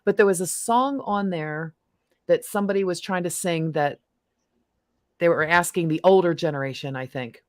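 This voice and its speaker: Chatty woman host, lowish dry voice. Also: normal speed, no echo. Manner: chatty, bursts into snippets of song. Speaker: livestream host. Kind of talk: casual chat.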